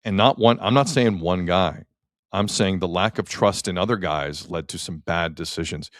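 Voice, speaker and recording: A man's voice: low-pitched, moderate pace, no echo, clean studio sound. A man hosting a sports talk show, ranting emphatically with rhetorical questions in casual talk.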